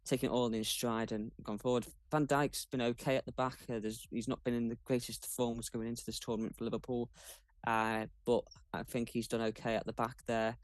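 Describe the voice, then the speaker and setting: A guest weighs up football matches in a measured, thoughtful way. His voice sits at a middle pitch for a man. The recording is dry and close. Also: level tone, no room sound. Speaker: guest pundit. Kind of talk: casual sports chat.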